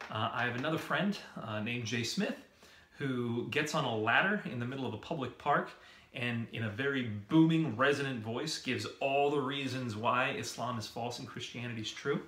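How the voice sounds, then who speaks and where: A man co-hosts a video series and talks the viewer through ideas in a relaxed, explanatory way. He keeps posing rhetorical questions. His voice is bright, his pitch sits in the middle, and the room is noticeably echoey. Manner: poses repeated rhetorical questions. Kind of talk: casual explanatory talk to camera.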